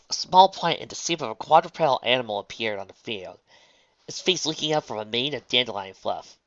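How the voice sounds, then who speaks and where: Animated fan story reader. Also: medium pitch, fairly quick, no room sound, lo-fi sound. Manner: chatty, animated asides. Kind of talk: reading a fan story aloud with asides.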